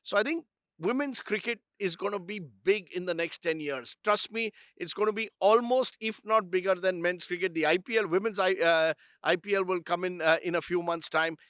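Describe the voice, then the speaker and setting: A middle-aged man with an Indian English accent, telling cricket anecdotes as a guest speaker in an animated conversational way. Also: high voice, normal speed, no room sound, clean studio sound. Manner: anecdotal, animated, slips into Hindi phrases. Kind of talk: conversational storytelling on stage.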